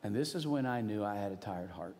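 A middle-aged male pastor preaching a sermon, telling a personal story earnestly, moving between animated emphasis and hushed, quiet moments. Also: on the low side, brisk, slight background noise. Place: church. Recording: long hall reverb.

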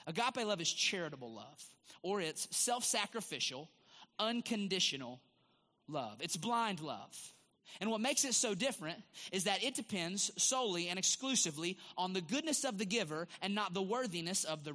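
A man preaching a sermon to his church, teaching with emphatic, drawn-out stress on key words. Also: high voice, sharp tone. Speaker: pastor. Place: church sanctuary. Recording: long hall reverb.

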